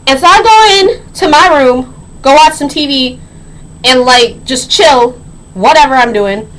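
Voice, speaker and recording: An eighteen-year-old woman telling a story on her vlog in a sassy, slangy, animated way. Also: sits high, measured pace, slight background noise, poor audio. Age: young adult. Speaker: vlogger.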